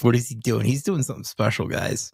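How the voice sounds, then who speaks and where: A man's voice: mid-range voice, fairly even intonation, fast, gravelly, slightly rough, no echo, clean studio sound. A man co-hosting a podcast in easygoing, self-deprecating casual chat. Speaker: podcast co-host.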